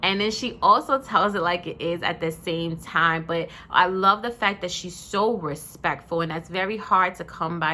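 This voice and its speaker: A woman's voice: fairly low pitch, bright, forceful tone. A young woman speaking in a heartfelt, effusive tribute to her sisters and nieces, her voice emotional and full of praise. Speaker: vlogger honoring her family.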